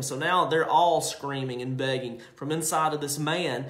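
Male preacher, high voice, emphatic sermon delivery, echoey room. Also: a bit bright. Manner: emphatic, drawn-out scripture reading with asides.

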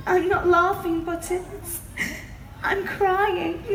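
A woman playing a sweet, meek young heroine in a live pantomime, gentle and innocent. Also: very high-pitched, level tone, drawn-out words, a little hiss or hum, heavily acted. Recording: echoey hall from afar.

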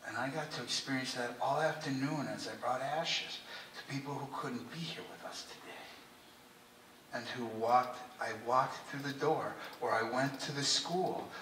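Impassioned preacher, bright voice, echoing church. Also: male voice, mid-range voice, normal speed, far from the mic, slight background noise. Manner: impassioned, heartfelt, often drops to a hushed earnest tone. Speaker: priest. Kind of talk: sermon. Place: church sanctuary. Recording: echoey church recorded from afar.

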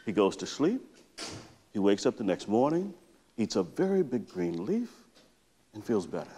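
Speaking at a moderate pace in a fairly low voice with a breathy edge, a middle-aged psychotherapist tells a lively story during a conference talk. He acts out reading to his daughter, and the large lecture hall gives the recording a long reverb.

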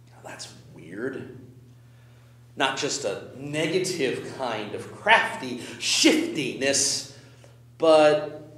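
A man preaching as a pastor, conversational and animated, swinging from loud emphasis to quiet asides. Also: a little high, reverberant. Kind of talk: sermon.

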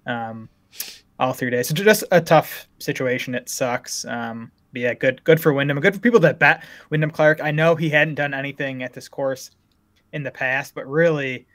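A man's voice: mid-range voice, fairly bright tone. A man co-hosting a golf betting podcast, talking through odds in an easygoing, analytical way. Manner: easygoing, analytical, quick to agree. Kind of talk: casual sports chat.

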